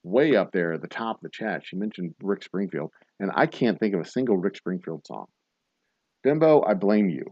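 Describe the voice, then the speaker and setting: A man with a low voice hosts a bar trivia stream. He reads each question slowly, repeats it, and jokes and swears casually in between. His pitch moves around a lot, and the sound is dry and a little dull. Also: animated, darkish tone, no echo. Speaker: trivia host. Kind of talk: livestream trivia hosting.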